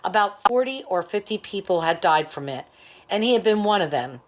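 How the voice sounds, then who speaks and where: A woman reading a chapter of a novel as an audiobook, measured, lifting her voice for the quoted characters. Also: mid-range voice, animated. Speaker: audiobook reader. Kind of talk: audiobook narration.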